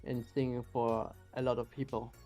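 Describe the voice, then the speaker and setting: A man, a guest on a casual chat, who talks in a hesitant, halting way and laughs a lot. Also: medium pitch, flat delivery, mellow, faint music behind.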